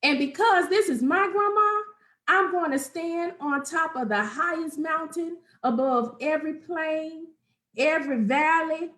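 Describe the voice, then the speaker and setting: A woman reading a children's picture book aloud with expressive storytelling, then chatting with her co-hosts. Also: high voice, unhurried, echoey room. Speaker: reader and host.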